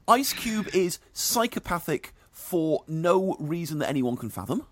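A man's voice: on the high side, big pitch swings, takes it slowly, fairly bright tone, slight background noise. A middle-aged man, giving dry, sardonic film and music reviews in casual radio chat.

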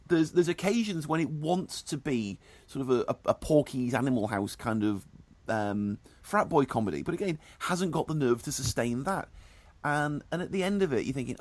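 A man's voice: on the high side, expressive, moderate pace. A middle-aged man, giving dry, sardonic film and music reviews in casual radio chat.

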